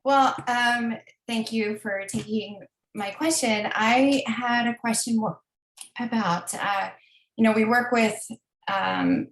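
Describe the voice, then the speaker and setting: A woman from the audience asking a question hesitantly, with many pauses and fillers. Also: a little high, fairly even intonation. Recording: distant and echoey.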